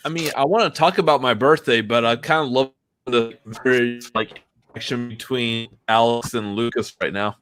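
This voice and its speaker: A man's voice: medium pitch, normal speed, fairly bright tone, a little hiss or hum. A man co-hosting a casual livestream chat, playful and joking. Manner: playful, joking, sings a line. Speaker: co-host.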